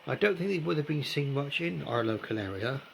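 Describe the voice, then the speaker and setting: Gravelly man in his sixties. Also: fairly high pitch, animated, fairly quick, a little hiss or hum. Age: 60s. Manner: chatty and rambling, with gentle asides. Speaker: model railway vlogger. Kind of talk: casual hobby commentary. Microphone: phone.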